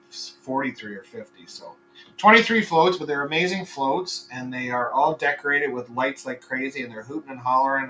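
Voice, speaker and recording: Rambling, cursing farmer podcaster, bright voice. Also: male voice, mid-range voice, distant mic, a little hiss or hum, rough recording. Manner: profane, rambling, frequently sidetracked. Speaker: podcast host and chicken farmer. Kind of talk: casual rambling podcast monologue.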